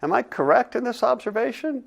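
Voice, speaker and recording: Man reading a solemn, measured divine judge. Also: very high voice, lively intonation, vocal fry, pitched above the performer's own voice, full character voice. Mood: probing. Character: calm, direct divine judge. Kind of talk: dramatic reading of a dialogue.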